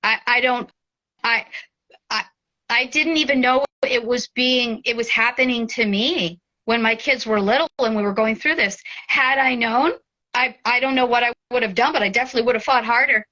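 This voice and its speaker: A woman in her forties speaking as an interview guest, heartfelt and tearful, often halting and restarting. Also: on the high side, pushed and bright, highs cut off. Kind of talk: emotional interview.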